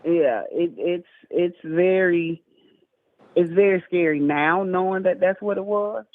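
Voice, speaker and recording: A woman's voice: on the low side, a little slow. A woman telling her health testimony in a casual chat over a phone call, earnest and urging listeners to get checked. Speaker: guest sharing a health testimony. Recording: tinny phone line.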